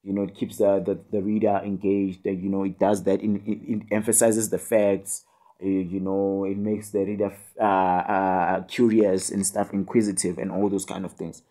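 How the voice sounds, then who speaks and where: This online tutor is a young South African man whose deep, mellow voice stays level at a normal speed. His casual poetry tutorial on video is full of fillers and tag questions, and he mixes jokes with scolding for his students.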